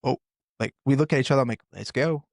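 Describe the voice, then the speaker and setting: An earnest middle-aged man tells his story in a gravelly voice, stopping and starting as he goes. He sits close to the mic, with a dry sound. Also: medium pitch, steady tone, no echo. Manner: earnest, halting, with many restarts. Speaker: podcast guest, firefighter and author. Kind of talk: storytelling in a conversation.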